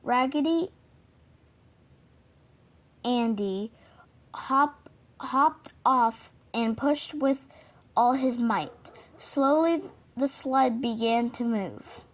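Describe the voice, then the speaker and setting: A woman reading a children's storybook aloud, stumbling over words and apologizing often, with the hiccups. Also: on the high side. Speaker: reader.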